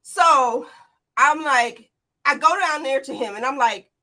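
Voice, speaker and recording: A woman in her forties, a guest in an interview, retelling a frightening escape in an animated, tumbling way, full of quoted dialogue. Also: high-pitched, unhurried. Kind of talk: emotional personal account.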